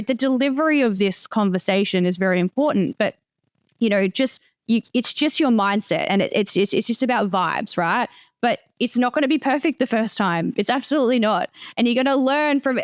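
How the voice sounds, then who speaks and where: A woman's voice: fairly high pitch, fairly quick, clean tone, no room sound, studio quality. A woman hosting a podcast, talking frankly and chattily, swearing casually. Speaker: podcast host.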